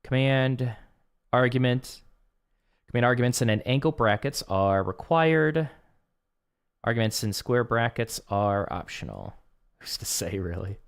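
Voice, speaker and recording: Casual streamer man reading and reacting. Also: mid-range voice. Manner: reads lesson text aloud and reacts with offhand remarks. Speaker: streamer working through a coding course. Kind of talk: casual live-stream commentary.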